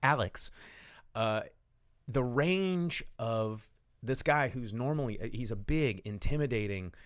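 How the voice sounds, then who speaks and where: A man's voice: mid-range voice, animated, a little slow, dry recording, studio quality. A man hosting a show, casually recapping a film plot in a rambling, irreverent way with some swearing. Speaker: podcast host. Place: home studio.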